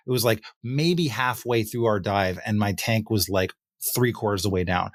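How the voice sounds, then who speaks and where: A man hosting a podcast, telling relaxed anecdotes in casual conversation. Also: on the low side, moderate pace, dry recording, clean studio sound. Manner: relaxed, anecdotal, filler-heavy. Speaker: podcast host.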